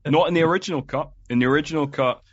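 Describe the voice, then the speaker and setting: A man's voice: a little high, very fast. A man in his forties hosting a podcast, rambling and laughing often as he chats. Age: 40s. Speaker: podcast host. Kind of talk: casual podcast chat. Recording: dull lo-fi remote audio.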